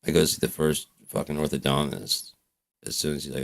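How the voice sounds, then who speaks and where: Gravelly, very low male vlogger; profane, rambling storyteller. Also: brisk. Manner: profane, rambling, frequent restarts.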